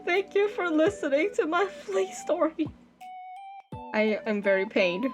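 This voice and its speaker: A woman's voice: high-pitched, big pitch swings, a little slow, over music. A woman livestreaming from her computer chair, ranting in a dramatic, whiny way with exaggerated wails. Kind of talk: live-stream rant. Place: home computer setup.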